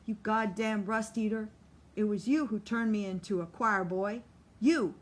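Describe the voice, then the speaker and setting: A woman's voice: mid-range voice, moderate pace, natural voice. A woman voicing a crude, volatile young man, reading his lines in a coarse tough-guy drawl for an audiobook. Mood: menacing.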